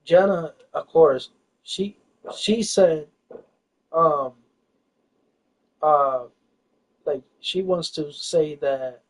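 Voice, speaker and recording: A man's voice: a little high, drawn-out words, pauses often. A man telling a personal story in casual chat, rambling and hesitant, full of fillers and restarts. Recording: distant, dull lo-fi recording.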